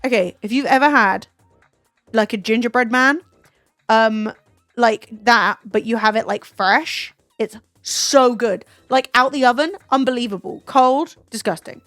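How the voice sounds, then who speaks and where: A woman's voice: a little high, unhurried, no room sound, faint music behind. A young English woman streaming, chatting casually with lots of swearing and joking asides. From England. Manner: swears freely, animated and jokey. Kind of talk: casual chat.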